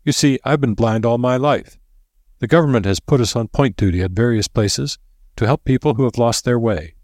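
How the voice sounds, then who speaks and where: A man's voice: mid-range voice, normal speed, a little mellow, no echo, voice pushed up, lightly acted. A man voicing a cheerful, blind young noblewoman in a lilting, lifted voice. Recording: dry close recording.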